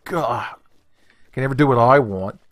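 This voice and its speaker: A man's voice: mid-range voice, a little slow, no echo. A man with a mid-range voice talks through a video game in loose let's play commentary. He rambles from joke to joke, laughs often and swears casually. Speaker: gaming channel host.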